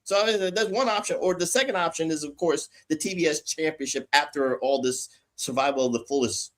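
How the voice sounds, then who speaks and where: A man co-hosting a casual wrestling podcast, animated and fond of calling himself by a title in the third person. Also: a little high, a little fast. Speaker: podcast co-host.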